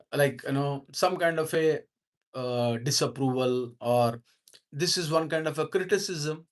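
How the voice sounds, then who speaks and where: A man leads a devotional book study at a measured, unhurried pace. He reads a line and then goes back over it in plain words, hesitating and restarting as he works through it. His voice sits at an ordinary middle pitch. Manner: slow, repetitive explaining with many fillers and restarts. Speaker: spiritual teacher reading and explaining a book.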